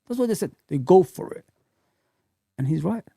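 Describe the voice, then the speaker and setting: A man hosting a fan live chat, ranting heatedly and swearing, rising to shouts when angry. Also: sits high, lively intonation, normal speed, vocal fry, husky, dry recording. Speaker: fan channel host.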